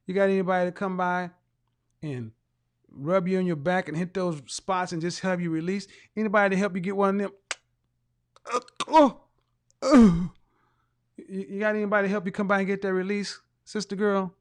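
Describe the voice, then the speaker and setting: Mocking, teasing man with a high voice. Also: steady tone, quick pace, clean tone. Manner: bursts of loud laughter. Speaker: live show host reading viewer comments. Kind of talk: casual livestream monologue.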